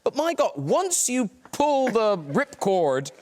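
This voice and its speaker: A man's voice: sits high, wildly swooping pitch, slow. A man hosting a TV talk show, teasing and chatting playfully with his guests. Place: TV studio.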